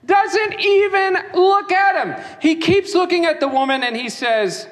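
A man preaching a sermon as a pastor, animated and acting out the voices of people he quotes. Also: very high voice, measured pace, hardly any pauses, big-room sound.

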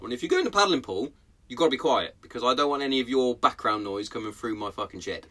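A man's voice: medium pitch, expressive, fast, pushed and bright. A man in his thirties hosting a casual podcast from his garden shed, blunt and sweary in his banter. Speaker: podcast host. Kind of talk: casual chat.

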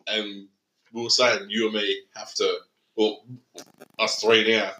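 A man co-hosting a casual podcast, relaxed, laughing along and chiming in with short questions. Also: on the low side, takes it slowly. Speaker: podcast co-host. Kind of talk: casual chat. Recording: echoey room.

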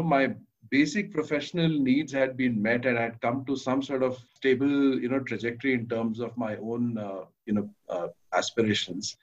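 Hesitant man recalling his career. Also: medium pitch. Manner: hesitant, many fillers. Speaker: company co-founder. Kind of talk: interview storytelling. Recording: dull lo-fi sound.

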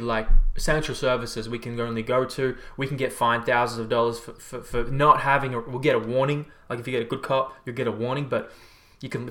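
An Australian man chatting casually on a livestream, reading out viewer comments and rambling with free swearing. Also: mid-range voice. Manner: rambling, laid-back, swears freely. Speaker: livestreamer and health coach.

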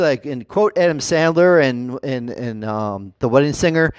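A man talks straight to the camera in a loose, rambling monologue. He keeps restarting sentences and slips into little acted quotes. His voice sits a bit high, and the sound is dry. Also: expressive, moderate pace, few pauses, clean tone, no room sound. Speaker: vlogger.

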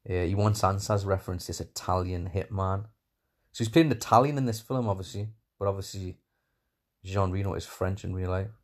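In a deep voice at a moderate pace, a man gives a casual film recap, walking through the plot scene by scene. He rambles with plenty of fillers and eager asides, enthusiastically labeling scenes "class".

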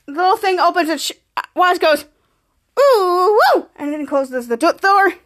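A woman hosting a podcast, excitedly retelling a TV episode scene by scene and quoting the characters' lines. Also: sits high, moderate pace. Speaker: podcast host. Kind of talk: casual episode recap.

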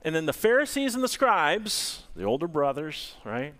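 Male pastor, lively swinging delivery, slightly higher voice, sermon. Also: moderate pace. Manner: animated, rhetorical questions to the congregation.

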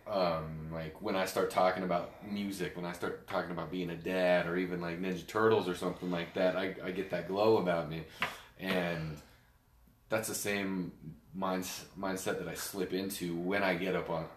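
A man appearing as a podcast guest in casual chat, effusive with praise and quick to joke around. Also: deep voice, fairly even intonation, echoey room, slight background noise. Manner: effusive, joking and playful.

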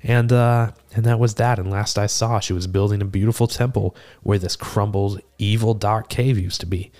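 A man's voice: on the low side, normal speed, natural voice. A man playing a boastful tortle cleric adventurer. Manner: rambling, animated, self-deprecating. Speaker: player. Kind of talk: in-character tavern storytelling.

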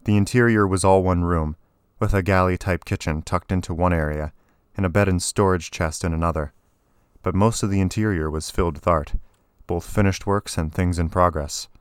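A man reading scripted story narration in a steady, even way. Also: sits low, moderate pace, clear, resonant tone, dry recording, clean studio sound. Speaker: audiobook narrator.

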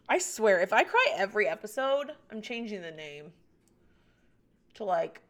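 Bright-voiced woman rambling solo, swears a lot, big swoopy pitch. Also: very animated, normal speed. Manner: swearing, rambling, laughing often. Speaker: podcast host. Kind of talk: casual solo chat.

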